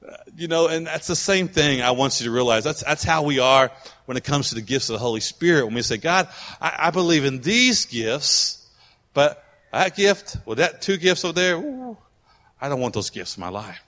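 A pastor with a mid-range voice preaches at a moderate pace, animatedly telling a story and acting out the voices of its characters. The recording has a long hall reverb, with musicians playing loudly behind him.

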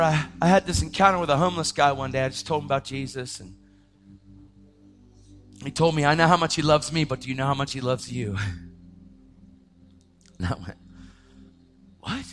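A young adult man telling a personal testimony in a casual way, often saying "man", his voice rising to shouts at the most intense moments. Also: a little high. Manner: casual, says "man" and "dude" a lot. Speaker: speaker sharing his testimony.

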